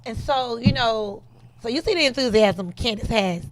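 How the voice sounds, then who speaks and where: A woman's voice: fairly high pitch, expressive, normal speed, no echo. A woman hosting a podcast, talking casually and emphatically, repeating phrases for effect. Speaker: podcast host.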